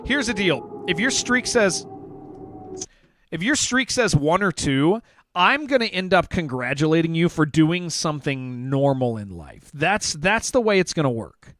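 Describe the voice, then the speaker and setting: Excitable high-voiced male streamer. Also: measured pace, no room sound. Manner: excitable, rambling, says "man" and "dude" often. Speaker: game streamer. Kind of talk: casual livestream chat with viewers.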